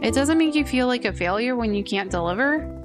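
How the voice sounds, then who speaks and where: A dry, blunt young shopkeeper from a video game, as a woman reads her lines. She sounds worn down and matter-of-fact. The voice sits fairly high. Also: animated, a little fast, over music, lightly acted. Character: weary, blunt young woman running a tea shop.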